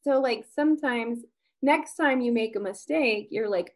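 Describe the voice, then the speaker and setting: A woman co-hosting a podcast, calmly explaining points from a list in a measured way. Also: on the high side. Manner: measured, explanatory, soft agreement noises. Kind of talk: explaining a list in casual chat.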